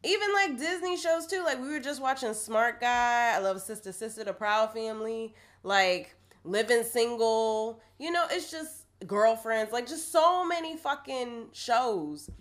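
A woman's voice: a little high, animated, unhurried, hardly any pauses. Chatty hungover young woman podcaster. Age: 20s. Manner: chatty, laughing, slangy. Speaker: podcast co-host. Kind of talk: casual chat.

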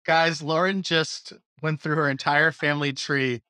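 A man's voice: fairly high pitch, steady tone, a little slow, pushed and bright, dry recording, clean studio sound. A man hosting a podcast, joking around and rambling with restarts. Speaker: podcast host. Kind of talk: casual chat.

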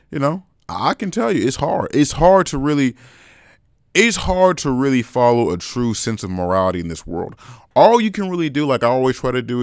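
A man's voice: lowish voice, dry recording, studio quality. A young man hosting a podcast in a casual, frank chat, talking straight to his listeners and calling them bro. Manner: laid-back, frank, calls listeners bro. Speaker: podcast host.

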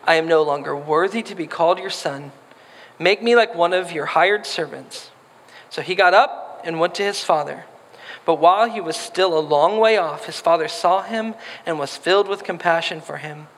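A man's voice: on the high side, normal speed, a bit bright. A man preaching a sermon, reading scripture and then talking casually and playfully, acting out voices in the quotes. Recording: long hall reverb.

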